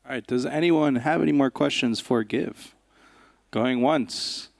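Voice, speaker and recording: A man's voice: medium pitch, normal speed, vocal fry, darkish tone, no echo. A man moderating a conference Q&A, playful and calling for questions like an auctioneer. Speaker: stage moderator.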